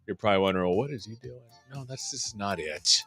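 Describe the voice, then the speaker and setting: A man's voice: lowish voice, fast, pushed and bright, breathy edge, faint music behind. A man hosting a tech show, chatting loosely and joking with many fillers. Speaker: show host. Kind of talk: casual live-stream chat.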